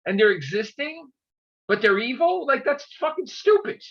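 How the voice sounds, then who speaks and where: A man's voice: very high-pitched, sing-song, moderate pace, dull audio. A man in casual chat, ranting with heavy profanity. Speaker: podcast host.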